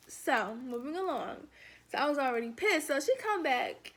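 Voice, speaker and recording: A young woman telling a casual storytime, animated and sassy, acting out the quoted lines. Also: high voice, normal speed.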